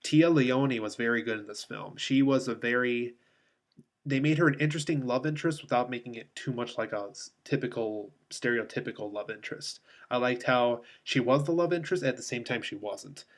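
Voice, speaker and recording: Man, mid-pitched, casual movie review delivered off the cuff, rambling with frequent ums. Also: a little fast. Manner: rambling, many filler ums and restarts.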